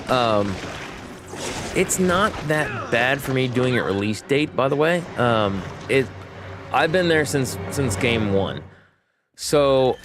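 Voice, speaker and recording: A man streaming a video game, telling a long family story in a rambling way and correcting himself as he goes. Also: medium pitch. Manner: rambling, self-interrupting storyteller. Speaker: gaming streamer. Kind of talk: casual storytelling while livestreaming a game.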